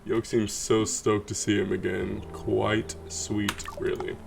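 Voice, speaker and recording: A man's voice: on the low side, completely flat delivery, takes it slowly, gravelly, noisy background. A man chatting casually as he plays a video game, joking around and reading its lines aloud. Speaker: gameplay commentator. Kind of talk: let's play commentary.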